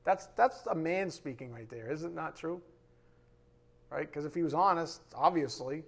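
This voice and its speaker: A man leads a conversational Bible lesson, his voice sitting a touch higher than most men's. He talks loosely and informally, often turning to his listeners with a quick "right?" as he walks through the passage. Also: animated, vocal fry. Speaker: Bible teacher.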